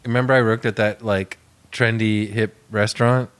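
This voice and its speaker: A man's voice: lowish voice, fairly even intonation, normal speed, a bit bright, clean tone. A man co-hosting a comedy podcast, telling rambling anecdotes and laughing often in casual chat. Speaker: podcast co-host.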